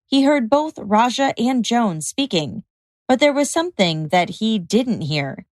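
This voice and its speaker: A woman hosting a podcast, reading a scripted true-crime narration in a measured, even way. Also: fairly high pitch, dry recording. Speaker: podcast host.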